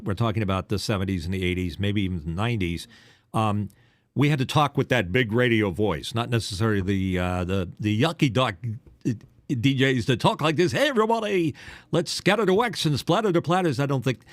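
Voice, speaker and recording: Older ex-dj guy cohosting a podcast, low voice, teasing, kinda radio-announcer delivery. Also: brisk, no echo. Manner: teasing, storytelling, drifts into a trained radio voice. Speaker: podcast co-host, former radio DJ. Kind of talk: casual podcast chat.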